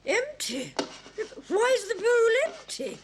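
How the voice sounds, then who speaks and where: A woman's voice: very high-pitched, sing-song, takes it slowly, background noise, exaggerated voice. A haughty, imperious queen. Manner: haughty and commanding. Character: spoiled, imperious female queen. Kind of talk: animated series dub acting.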